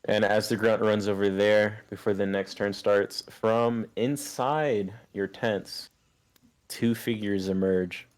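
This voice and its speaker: A man narrating as game master in a relaxed, plain-spoken way. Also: on the low side, slow pace.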